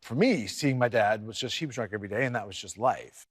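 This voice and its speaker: A man speaking candidly as an interview guest, halting and reflective, often restarting his sentences. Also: on the low side, lively intonation, husky.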